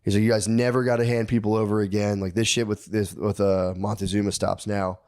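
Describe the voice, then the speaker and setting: A man's voice: on the low side, flat delivery, a little fast, a little mellow. A man on a podcast telling a history story in casual, profane slang, acting out the characters' lines.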